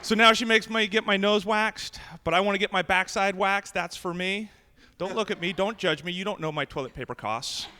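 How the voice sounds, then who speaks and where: Brash high-voiced male stand-up comic. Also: moderate pace, bright, forceful tone, big-room sound, a little hiss or hum. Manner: brash, punchy joke delivery. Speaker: stand-up comedian. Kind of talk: stand-up comedy set. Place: comedy club stage with live audience.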